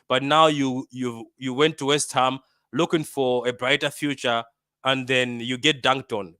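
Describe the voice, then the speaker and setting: A man from Africa hosting a football fan channel, giving a casual match reaction with lively banter and lots of repetition. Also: mid-range voice, no echo, clean studio sound. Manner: animated, bantering, repeats himself.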